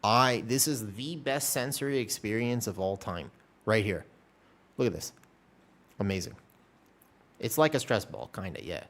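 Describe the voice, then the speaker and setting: Rambling, lively-pitched male streamer. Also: a little slow, long pauses. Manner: rambling, self-deprecating, swears casually. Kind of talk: casual stream chat.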